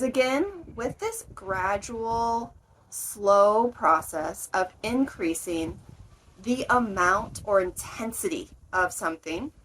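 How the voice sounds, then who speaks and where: A woman teaching English, explaining word meanings slowly and clearly and acting out example lines. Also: mid-range voice, low-quality recording. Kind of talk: explaining vocabulary to learners.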